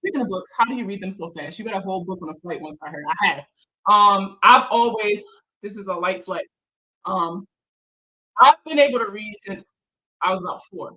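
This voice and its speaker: A woman's voice: medium pitch, lively intonation, fairly quick, sharp tone, low-quality recording. A woman hosting a casual livestream chat, slangy and swearing freely, laughing often as she reads viewer comments aloud and answers them. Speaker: financial counselor hosting a live chat.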